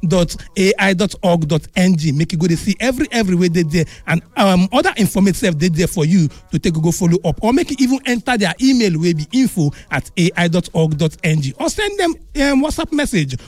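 A man's voice: sits high, fairly quick, few pauses, no echo. A man with a Nigerian Pidgin accent, co-hosting a radio show and reading an ad with playful energy. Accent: Nigerian Pidgin English. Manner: playful, lively ad delivery. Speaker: radio co-host. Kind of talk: casual banter and ad read.

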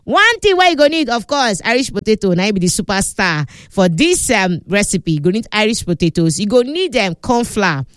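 Nigerian lady hosting a cooking show, chatty and teasing, smooth clear voice, dry close sound. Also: medium pitch, sing-song, a little fast, few pauses, dry recording. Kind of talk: lively cooking demonstration in pidgin. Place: studio.

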